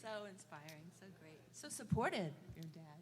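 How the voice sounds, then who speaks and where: A woman's voice: mid-range voice, very animated, moderate pace, a little mellow. Encouraging woman musician on stage. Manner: encouraging, prompting a story. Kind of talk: onstage chat with a bandmate. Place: live music venue stage.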